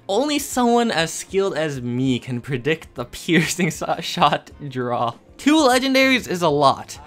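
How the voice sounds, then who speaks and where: A young man giving casual, excitable commentary while playing a card game, laughing often and muttering to himself. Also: fairly high pitch. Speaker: gaming video creator.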